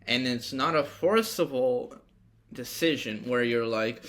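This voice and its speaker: A man's voice: mid-range voice, unhurried, fairly bright tone. A young man hosting a podcast alone, talking casually in a rambling, profane and reflective way. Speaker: podcast host. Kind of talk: casual solo monologue.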